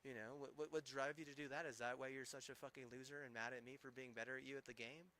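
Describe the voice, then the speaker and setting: A man's voice: medium pitch, steady tone, quick pace, bright, forceful tone. A man streaming, ranting angrily with heavy swearing and rambling, restarting sentences. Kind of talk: angry profane rant.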